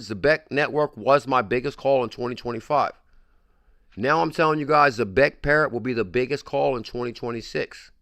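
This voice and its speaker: Man, livestream host, mid-pitch, hard-selling hype talk, dry close mic. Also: a bit bright, no echo. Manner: pushy, repetitive hype, keeps saying "I'm telling you". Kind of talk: hyped casual livestream talk.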